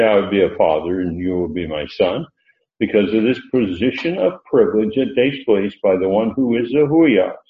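A man teaching a Bible lesson, reading verses slowly and stressing key words, with frequent "uh" pauses. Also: lowish voice, slight background noise. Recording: roomy lo-fi recording.

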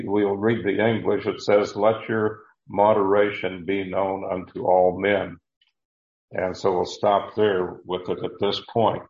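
A man giving a deliberate verse-by-verse Bible teaching, with frequent fillers and repeated words. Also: lowish voice, reverberant, muffled recording.

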